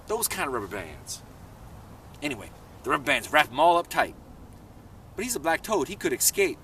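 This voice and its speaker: Lively man telling a children's story. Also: distant mic, slight background noise. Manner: lively, swoops high in pitch for excited questions. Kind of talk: animated children's story narration.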